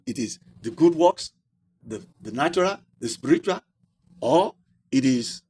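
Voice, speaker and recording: A man preaching a sermon, asking the congregation rhetorical questions and drawing out key words slowly. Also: a little high, darkish tone, husky. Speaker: pastor.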